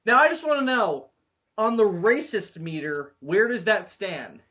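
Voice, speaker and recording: A man co-hosting a podcast, joking and provoking his friends in casual chat over muffled call audio. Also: high-pitched. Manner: lively, joking, quick to laugh. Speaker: podcast co-host.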